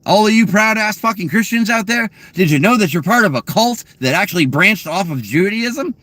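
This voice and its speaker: A man ranting angrily and profanely from his car while answering live chat questions, swinging between loud outbursts and low muttering. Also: animated, a little fast, dry recording.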